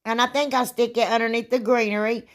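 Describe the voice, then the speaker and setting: A woman, hosting a casual craft tutorial, chatty and rambling, with a sore throat that makes her clear it often. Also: on the high side, fairly even intonation, fast. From Ohio, United States. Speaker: DIY crafts channel host.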